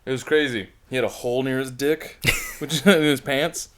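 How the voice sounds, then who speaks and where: A man in casual podcast chat, retelling a friend's crash with excitement, swearing and laughter. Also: mid-range voice, moderate pace. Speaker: podcast co-host.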